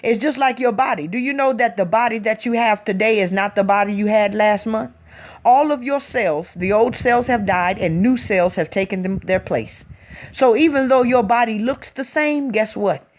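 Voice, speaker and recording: A woman's voice: on the high side, normal speed. A woman hosting a spiritual talk, speaking in an emphatic, preachy casual style and often tossing in a rhetorical "hmm?". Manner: reads out listener comments.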